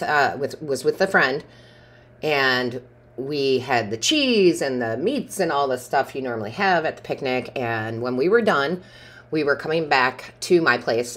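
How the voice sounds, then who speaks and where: A woman with a notably deep, low-pitched voice gives a casual tarot reading. She talks in a rambling, chatty way and often laughs. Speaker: tarot reader.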